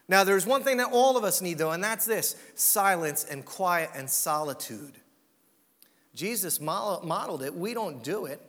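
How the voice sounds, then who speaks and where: A man preaching a sermon as pastor, dramatic and dropping to a hush for emphasis. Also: sits high, long reverb tail.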